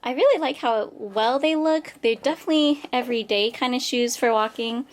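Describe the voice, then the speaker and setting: A young woman filming a casual unboxing vlog in her home workshop, bubbly and quick to squeal and giggle with excitement. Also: fairly high pitch. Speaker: vlogger.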